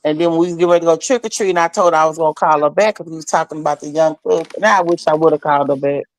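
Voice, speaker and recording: A woman sharing memories of a friend in a casual conversation, telling stories in an animated way and acting out what others said. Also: low voice, rapid-fire, rough recording. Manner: animated storyteller, acts out quoted voices.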